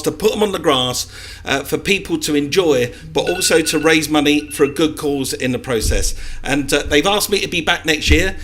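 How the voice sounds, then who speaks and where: A man with a British accent, a television presenter giving an upbeat, rushed public comment at a city meeting podium. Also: fairly high pitch, fairly bright tone. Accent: British English. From United Kingdom.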